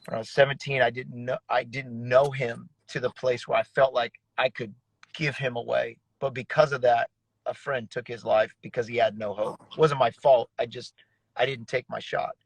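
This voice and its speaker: A man's voice: mid-range voice, little pitch movement, moderate pace, vocal fry, slightly rough, no room sound, poor audio. A man who is a pastor, sharing an earnest personal testimony in a casual, slangy conversation. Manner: earnest, casual, uses slang like bro and dude.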